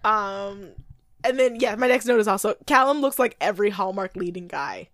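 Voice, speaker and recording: A woman's voice: medium pitch, moderate pace, fairly bright tone, dry recording, studio quality. A woman co-hosting a podcast, chatting casually and snarkily about a movie, laughing often. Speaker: podcast co-host recapping a movie. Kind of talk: casual chat.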